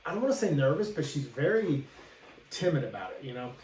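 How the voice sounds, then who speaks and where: A man's voice: a little high, very animated, fast, recorded from a distance, a crowd in the background. A man co-hosting a podcast, telling a ghost story in a rambling, casual way and acting out the characters' lines. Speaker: podcast co-host. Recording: roomy echo, away from the mic, faint hiss.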